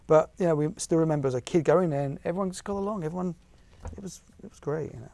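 Gravelly English man, chatty interview guest. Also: on the high side, fast, warm tone. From England. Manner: chatty, many restarts and repeats. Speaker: guest actor and writer. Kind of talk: casual interview chat.

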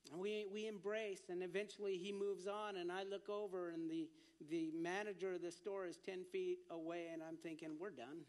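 A man's voice: sits high, level tone, moderate pace, hardly any pauses, a little mellow. A man preaching at a church, telling a personal story with earnest restarts and growing fervor. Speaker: ministry leader speaking at church.

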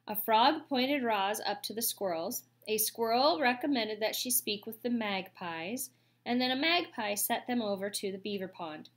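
A woman reading a children's story aloud with expressive, slow storytelling. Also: on the high side. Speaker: audiobook reader.

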